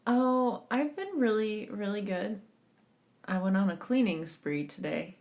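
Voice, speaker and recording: A woman's voice: medium pitch, unhurried, darkish tone. A woman co-hosting a comedy podcast, amused and playing along, laughing often. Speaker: podcast co-host. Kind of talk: casual comedic chat.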